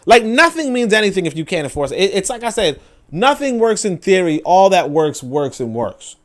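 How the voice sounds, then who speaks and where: A young man hosting a book-reading show, giving animated casual commentary, full of restarts and mocking acted-out voices. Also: high voice, normal speed. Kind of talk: casual commentary on read passages.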